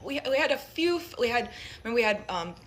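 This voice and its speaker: A woman from Jamaica raised in America, telling a personal story in a reflective, halting way. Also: fairly high pitch, expressive.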